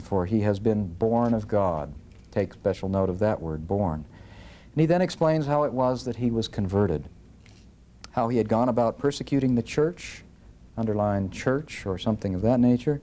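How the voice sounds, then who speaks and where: A man gives an earnest, instructive scripture lecture, reading verses aloud with rising emphasis and telling listeners what to underline. His voice is mid-range and warm.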